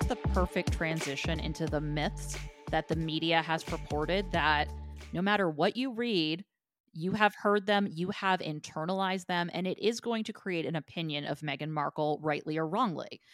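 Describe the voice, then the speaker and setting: Woman cohost with a low voice, blunt and chatty, dry close mic. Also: moderate pace, dry recording, faint music behind. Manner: frank, conversational, swears casually. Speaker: podcast co-host. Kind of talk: casual podcast discussion.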